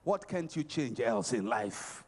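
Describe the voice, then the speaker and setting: A middle-aged man preaching a motivational sermon at a conference. He is emphatic and repetitive, swinging between shouts and quiet passages. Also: mid-range voice, very animated, measured pace.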